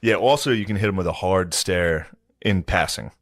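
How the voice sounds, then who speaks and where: Male podcast co-host, low-voiced, dry crude humor. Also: moderate pace. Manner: dry, crude, acts out quotes. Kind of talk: casual comedic banter.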